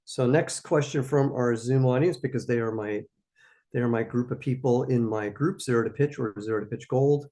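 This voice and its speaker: A man's voice: medium pitch, moderate pace, dark tone. A man hosting a live question-and-answer stream for startup founders, giving emphatic, coaching answers and repeating his key points.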